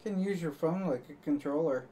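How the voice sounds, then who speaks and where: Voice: medium pitch, fairly quick, warm tone, distant mic, a little hiss or hum. A live streamer chatting casually to viewers, rambling and joking, laughing at their own jokes.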